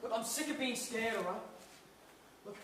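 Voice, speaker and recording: A man's voice: very high voice, expressive, normal speed, background noise. A young man plays an anxious drug mule who keeps questioning. He sounds agitated and fed up. The voice rings in a very echoey stage room, far from the mic. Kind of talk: stage acting.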